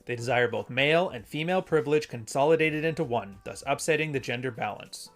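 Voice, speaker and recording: A man's voice: mid-range voice, animated, fairly quick, soft background music. Casual rambling male stream host. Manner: rambling, conversational, self-correcting. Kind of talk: casual live-stream commentary and reading.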